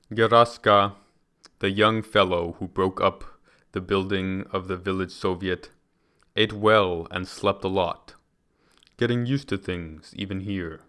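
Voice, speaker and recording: A man reading a book aloud in a measured, deliberate way, now and then restarting a phrase. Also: low-pitched, steady tone, fairly bright tone, clear, resonant tone. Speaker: reader.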